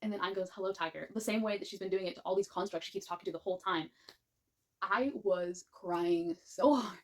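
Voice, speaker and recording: A woman reviewing a book series in a gushing, animated way, rambling with many restarts. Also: medium pitch, fairly quick. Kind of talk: casual spoken book review.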